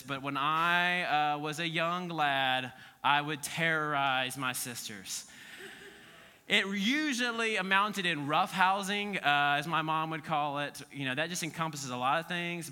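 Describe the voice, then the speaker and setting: A man co-hosting a podcast, teaching scripture in a casual, animated storytelling way and acting out quoted voices. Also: a little high, clear, resonant tone, big-room sound.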